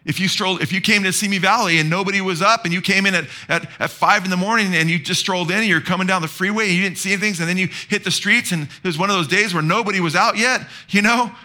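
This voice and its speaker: A man's voice: high voice, fast talker, hardly any pauses, pushed and bright. A man preaching a sermon as pastor, asking the congregation to answer back. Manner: preaching with call-and-response questions to the congregation.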